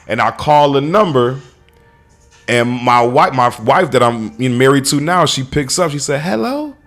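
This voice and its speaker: Stand-up comedian, man in his thirties, mid-pitched voice, casual podcast storyteller who acts out dialogue. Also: unhurried, soft background music. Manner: animated storyteller acting out dialogue, swears freely.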